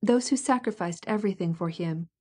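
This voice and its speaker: In a lightly acted, slightly fast audiobook reading, a woman gives voice to a proud, bitter princess whose cutting words carry indignation and wounded resentment. The tone stays dark and mellow instead of shrill.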